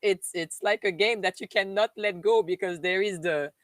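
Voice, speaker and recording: Speaking at a medium pitch and moderate pace, a woman from Paris with a French accent chats affectionately on a relaxed live stream. She laughs a lot and calls her listeners "dear," with no room sound in the audio.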